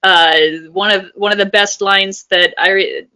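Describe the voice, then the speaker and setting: A woman's voice: mid-range voice, level tone, measured pace, sharp tone, clear, resonant tone, poor audio. A woman, a former animator, sharing memories upbeat as a podcast guest. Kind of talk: casual interview conversation.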